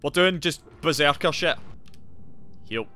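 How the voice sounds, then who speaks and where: A man streaming a game live, chatting casually and swearing, with sudden loud yells at the action. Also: fairly high pitch, measured pace, faint music behind. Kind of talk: live gameplay commentary and chat.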